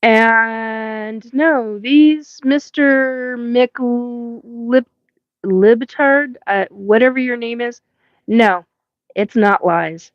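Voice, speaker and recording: A woman's voice: fairly high pitch, extremely slow, no echo, highs cut off. A woman hosting a live paranormal stream, telling a rambling story with swearing and frequent laughs. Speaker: host of a live paranormal show.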